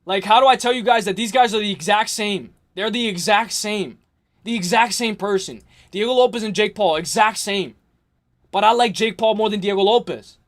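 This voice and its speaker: A young man hosting a livestream, ranting hard about fights, repeating himself, swearing and yelling at times. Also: high-pitched, normal speed. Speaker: livestream host. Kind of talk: heated livestream rant.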